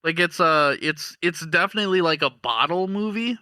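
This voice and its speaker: A man's voice: on the high side, normal speed, pushed and bright, dry recording. A man co-hosting a casual podcast, laughing often and stammering through restarts. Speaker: podcast co-host. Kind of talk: casual chat.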